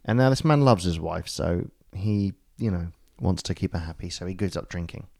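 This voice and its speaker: A man's voice: low voice, animated, moderate pace, vocal fry, darkish tone. An Australian man co-hosting a casual podcast, rambling through a joke with lots of fillers. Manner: rambling, filler-heavy storytelling with hearty laughs. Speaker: podcast co-host. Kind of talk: casual pub-style banter, telling a joke.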